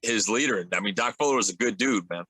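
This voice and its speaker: A man's voice: fairly low pitch, fast talker, over a noisy crowd. A man on a veterans podcast, speaking earnestly and with emphasis. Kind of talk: casual podcast chat.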